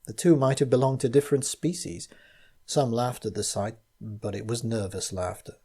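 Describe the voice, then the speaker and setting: Husky, mellow male storyteller. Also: mid-range voice, fairly even intonation, moderate pace. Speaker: author reading his own story. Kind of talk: scripted first-person narration of a gothic mystery story.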